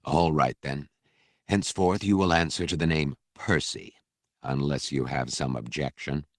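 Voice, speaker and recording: A man plays a precise male archivist in an audiobook, crisp and a little fussy. His voice is very low and dry, heard close to the mic. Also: fairly even intonation, a little slow, no room sound. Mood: curt.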